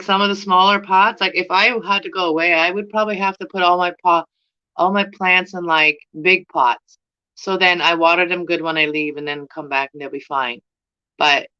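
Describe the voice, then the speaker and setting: A woman's voice: lowish voice, bright, forceful tone, clean tone, muffled recording. A middle-aged Canadian woman with a Canadian accent, chatting casually to camera in a rambling, giggly way. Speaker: plant vlogger.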